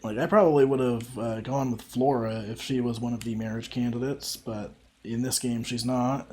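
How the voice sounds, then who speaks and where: A man's voice: mid-range voice, steady tone, normal speed, darkish tone. A man streaming a farming game, rambling casually with many fillers and frequent laughs. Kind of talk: casual gameplay commentary.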